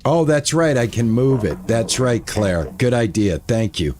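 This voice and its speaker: A man's voice: mid-range voice, big pitch swings, a little slow, darkish tone, slight background noise. An older man streaming a game, chatting casually and thinking aloud, often repeating himself. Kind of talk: casual gameplay commentary.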